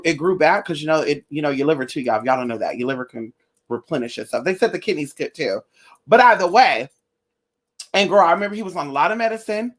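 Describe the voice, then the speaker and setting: A young woman vlogging in a casual chat with her viewers, blunt and profane, telling animated stories. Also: on the low side. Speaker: spiritual vlogger.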